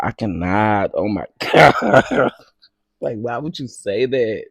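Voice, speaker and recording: Sassy man with a gravelly voice. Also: lowish voice, lively intonation, slow pace, no room sound, clean studio sound. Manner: sassy, dramatic, bursts into loud laughter. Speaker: gossip commentary host. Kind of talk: casual commentary.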